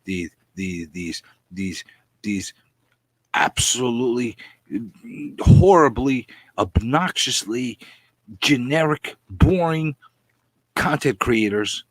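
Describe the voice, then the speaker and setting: A man hosts a comic book vlog and rants in an animated, comically exasperated way, repeating himself for effect. His voice is a little husky and his pitch jumps around a lot. He is recorded close in a dry room. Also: slow pace, dry recording.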